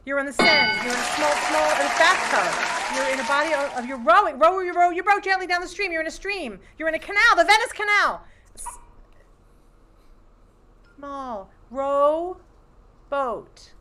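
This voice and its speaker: A woman improv player on a video call, firing off repeated guesses in an excited rush. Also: sits high, over a noisy crowd, very noisy. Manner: rapid-fire, repetitive guesses. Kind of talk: excited rapid guessing game.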